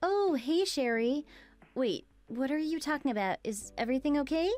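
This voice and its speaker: A woman voicing a calm, reasonable young woman who keeps asking questions, puzzled by her roommate's rudeness. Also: sits high, moderate pace, no room sound.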